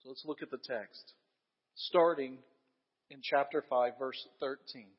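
A man's voice: medium pitch, steady tone, measured pace, breathy edge, big-room sound, highs cut off. A man preaching a sermon, earnest and emphatic, stacking repeated phrases and putting questions to the congregation. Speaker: pastor.

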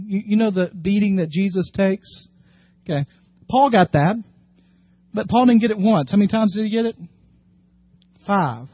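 A male pastor preaching with a fairly high voice. He animates the quoted scripture with rising emphasis, then sinks low and quiet to drive his points home. The recording is close, dry and slightly muffled. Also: no echo. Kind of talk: sermon.

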